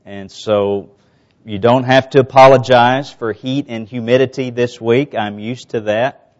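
Slow, measured Gulf Coast preacher. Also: male voice, mid-range voice, fairly even intonation, highs cut off. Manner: slow, measured teaching with rising emphasis. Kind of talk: sermon.

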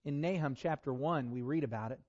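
A man preaching a sermon, reading scripture aloud in a deliberate, emphatic way. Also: medium pitch, darkish tone, dull audio.

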